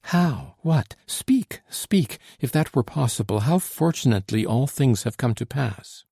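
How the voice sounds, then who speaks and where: A man's voice: medium pitch, moderate pace, gravelly, dark tone, husky, dry recording, studio quality. A man reading an audiobook and voicing an earnest young French woman in hiding, in a raised, pleading tone. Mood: eager.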